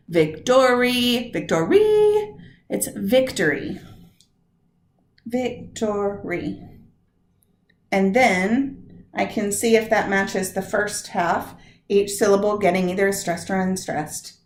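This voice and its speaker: A woman teacher walks her listeners through a poetry lesson at a slow, unhurried pace. She stretches out words to show where the stress lands. The room around her voice is echoey. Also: mid-range voice.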